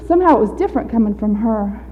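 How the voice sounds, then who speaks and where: A woman giving a candid, halting personal testimony at a recovery meeting, often breaking into laughter. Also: on the high side, animated, slight background noise. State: out of breath. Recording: dull echoey hall recording.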